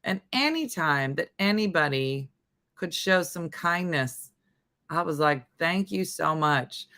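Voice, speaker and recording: Middle-aged woman host, low voice with a bright edge, loose and chatty on a live stream. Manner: chatty, reacting to viewer comments. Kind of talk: casual live-stream chat.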